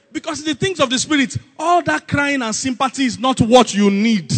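A man preaches in a high, bright, slightly husky voice. He throws questions at the congregation and acts out the scenes he describes. The sound rings with a long hall reverb. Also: moderate pace. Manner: animated, call-and-response with congregation, acts out Bible scenes. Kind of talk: sermon.

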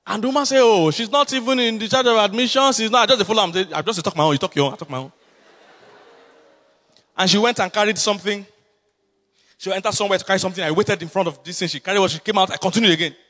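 A man with a Nigerian accent, a pastor telling a story in a sermon, swinging between low asides and loud exclamations. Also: fast talker. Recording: long hall reverb.

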